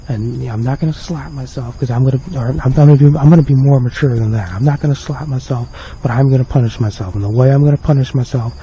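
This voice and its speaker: Rambling remorseful young man, dark lo-fi. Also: medium pitch, slight background noise. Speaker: video creator apologizing to viewers. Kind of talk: unscripted apology vlog to camera. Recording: dull lo-fi home video with faint crickets.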